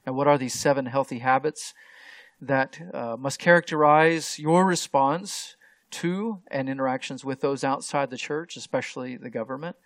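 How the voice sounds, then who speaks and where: A man's voice: mid-range voice, normal speed, a bit bright, no echo. A man preaching an expository sermon as a pastor, explaining the text step by step and pressing hard on key words. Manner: explanatory, with frequent restarts and stressed key words.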